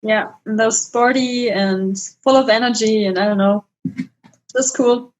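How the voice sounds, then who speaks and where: Female podcast guest, unhurried and chatty with easy laughs, slightly high voice over a dull lo-fi line. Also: steady tone. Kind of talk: casual chat.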